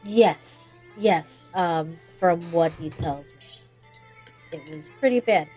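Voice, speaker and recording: A woman's voice: fairly low pitch, slow pace, darkish tone, slightly rough, soft background music. A woman playing her character in a tabletop game, speaking hesitantly and politely. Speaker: player.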